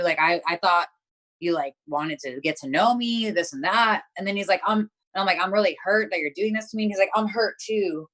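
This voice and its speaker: A woman's voice: mid-range voice, a little fast, a bit bright. A young woman talking as an interview guest, telling a story bluntly with lots of swearing and filler words. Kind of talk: casual chat.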